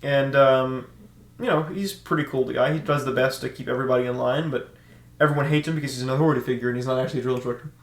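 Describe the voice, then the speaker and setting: Animated young man telling stories, echoey. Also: mid-range voice, rapid-fire. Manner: animated, laughs often, acts out shouted drill orders. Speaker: podcast co-host. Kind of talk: casual storytelling chat. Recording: echoey room.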